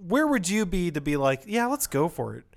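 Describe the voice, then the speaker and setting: A man's voice: high voice, big pitch swings, fairly quick, creaky. Young guy cohosting a movie podcast, rambly, keeps restarting, voice jumps around a lot. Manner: rambling, self-interrupting. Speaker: podcast co-host. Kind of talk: casual film podcast chat.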